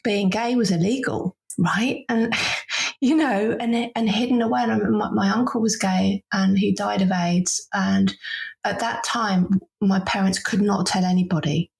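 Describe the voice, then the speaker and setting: Woman coach chatting on a podcast, bit gravelly, laughs a lot, restarts sentences. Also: mid-range voice, fairly even intonation, a little slow. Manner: thoughtful, with frequent restarts and soft laughs. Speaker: guest, voice and leadership coach. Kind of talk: conversational podcast interview.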